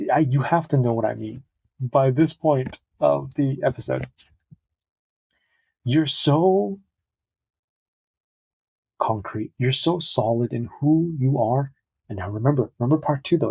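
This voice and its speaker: Young male podcast host, slightly high, husky voice, casual, rambling, self-interrupting humor. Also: a little mellow.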